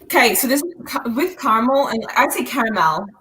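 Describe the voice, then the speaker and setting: A woman's voice: high voice, lively intonation, fast, a bit bright, poor audio. A woman co-hosting a casual group chat over a video call, rambling with lots of fillers. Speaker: readathon co-host.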